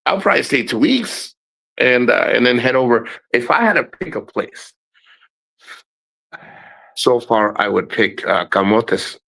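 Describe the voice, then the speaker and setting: A man's voice: medium pitch, expressive, unhurried, creaky, pauses often, sharp tone, poor audio. A middle-aged man rambling casually in a travel vlog, blunt and profane, laughing often. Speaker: travel vlogger.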